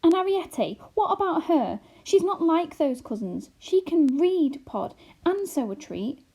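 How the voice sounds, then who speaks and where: Woman reading an anxious borrower wife, high, wailing and fretful. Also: sing-song, unhurried, dark tone, heavily acted. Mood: alarmed. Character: worried little old borrower wife.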